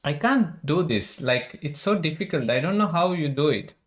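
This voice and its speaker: A man's voice: on the high side, lively intonation, moderate pace. A man hosting a stream, chatting casually with a guest, hesitant with many fillers but playful. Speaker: stream host. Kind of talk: casual interview chat.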